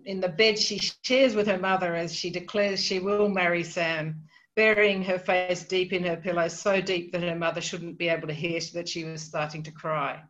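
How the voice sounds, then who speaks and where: A woman with a fairly low voice talks through literature in a measured, reflective way. She pauses softly now and then. The sound is dull and lo-fi, like a remote podcast recording. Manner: measured and reflective, with soft hesitations. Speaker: podcast guest discussing literature. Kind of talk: literary analysis in conversation.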